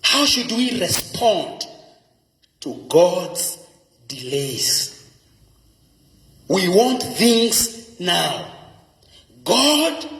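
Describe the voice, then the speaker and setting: A man's voice: high-pitched, sharp tone. A man with a Kenyan accent preaching a sermon as pastor, emphatic and repeating key phrases for effect. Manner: emphatic preaching with dramatic repetition. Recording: echoey hall with long reverb.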